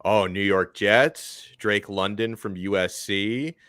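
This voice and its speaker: A man hosting a sports talk show in casual chat, joking and animated, often repeating himself as he talks. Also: lowish voice, slow, no echo, clean studio sound. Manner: joking, animated, stumbles over words.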